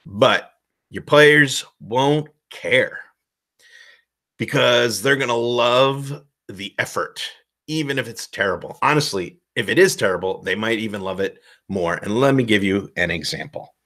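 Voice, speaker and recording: A man giving casual advice as a game master, loose and self-deprecating, rambling with a relaxed tone. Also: fairly low pitch, unhurried. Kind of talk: casual instructional talk.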